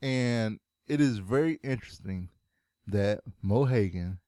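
A man's voice: on the low side, measured pace, warm tone, no echo, clean studio sound. A man co-hosting a live-streamed show, chatting casually and rambling with plenty of fillers and restarts. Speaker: show co-host.

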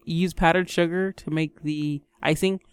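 A woman co-hosting a casual chat show, talking in a relaxed, giggly way with lots of "like" and "um". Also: low-pitched, a little slow, clean tone. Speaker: co-host.

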